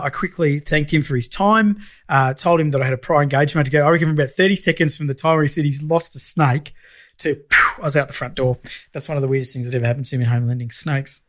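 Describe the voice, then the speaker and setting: A man's voice: medium pitch, fast. A middle-aged Australian man, a guest on a business podcast, telling a story in casual chat and acting out the voices in it. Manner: animated storyteller, acts out dialogue.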